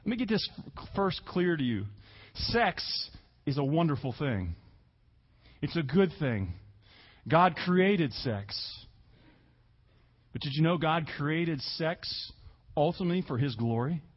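A man preaching a sermon as pastor, earnest, stressing key words slowly and repeating himself for emphasis. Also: fairly high pitch, sing-song, breathy edge, highs cut off.

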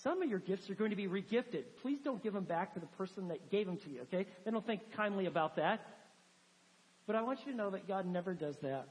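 A woman's voice: mid-range voice, expressive, fairly quick. A woman preaching a sermon in a church, conversational and emphatic with many fillers. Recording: long hall reverb.

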